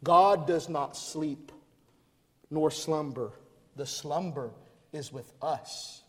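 A man preaches with a high, ringing voice, repeating phrases in a steady cadence and climbing to loud emphatic peaks. His sermon echoes through a church sanctuary with a long trailing reverb. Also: slow pace. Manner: rhythmic preaching with repetition, rising to loud emphatic climaxes. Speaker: pastor.

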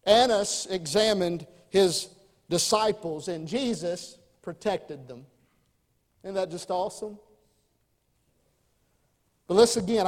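A man preaching a sermon, moving between loud emphatic lines and quiet, quick asides. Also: sits high. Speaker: pastor. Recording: long hall reverb.

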